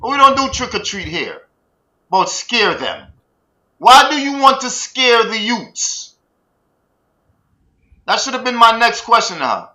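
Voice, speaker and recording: Bright-voiced Jamaican man ranting. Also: very high voice, a little slow, pauses often, rough recording. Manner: animated, ranting, patois-laced, repeats words. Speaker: podcast host. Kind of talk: heated casual commentary.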